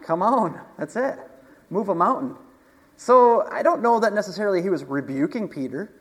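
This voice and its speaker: A man's voice: sits high, lively intonation, moderate pace, a bit bright, breathy edge. A man preaching a casual sermon, talking conversationally, asking the congregation questions and chuckling often. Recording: long hall reverb.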